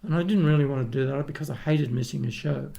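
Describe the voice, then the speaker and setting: The speaker is an older man from Australia, a retired opera tenor, whose rambling podcast anecdotes keep restarting as he chats casually in an Australian accent. His slightly high voice is mellow with vocal fry, and he talks quickly.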